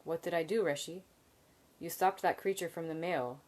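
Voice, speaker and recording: A woman voicing a playful, restless young man in a fantasy novel reading, with a teasing, sing-song delivery a little above her low reading voice. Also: normal speed, a little mellow, close to an everyday voice.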